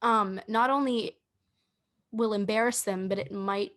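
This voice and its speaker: A woman's voice: mid-range voice, steady tone, a little slow, fairly bright tone. A young woman co-hosting a casual comedic podcast, dry and teasing as she gives advice. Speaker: podcast co-host.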